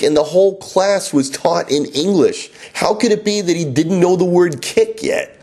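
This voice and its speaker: A man's voice: a little high, darkish tone, slightly rough. A middle-aged man telling a first-person story in a wry, self-mocking and dramatic way.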